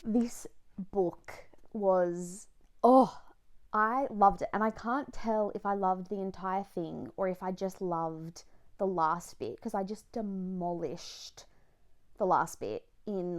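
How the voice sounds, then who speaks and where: A woman, chatting casually about a book she loves and reading passages aloud, gushing and emotional, laughing often. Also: lowish voice. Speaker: book vlogger. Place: in bed.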